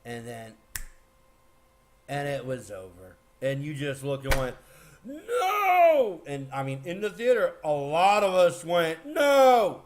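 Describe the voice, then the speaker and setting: A man giving a casual, rambling movie spoiler recap, excitable, with lots of fillers and restarts. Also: mid-range voice, measured pace, a little hiss or hum. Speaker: movie reviewer.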